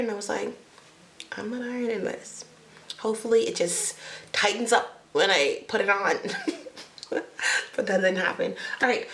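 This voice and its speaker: A woman's voice: mid-range voice, creaky, reverberant. A young woman from the Bahamas, chatting to camera as a beauty vlogger, rambling and laughing at herself. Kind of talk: casual chat to camera.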